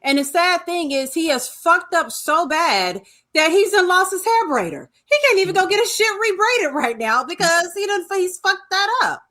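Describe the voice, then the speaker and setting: Bright, emphatic woman podcast co-host. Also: very high voice, animated, moderate pace, few pauses. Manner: emphatic, chiming in with agreement. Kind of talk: casual recap chat.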